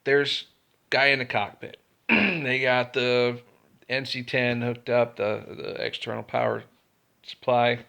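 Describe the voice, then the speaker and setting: A man's voice: mid-range voice, steady tone, slow pace, gravelly, sharp tone. A man telling a story in a casual, blunt and profane way, with laughs between lines. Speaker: storyteller vlogger.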